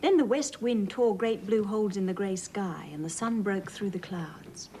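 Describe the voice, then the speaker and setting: An Australian woman hosting a children's TV show, reading a storybook aloud and talking gently to young viewers in a sing-song way. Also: medium pitch, moderate pace, slight background noise, rough recording. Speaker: children's TV host.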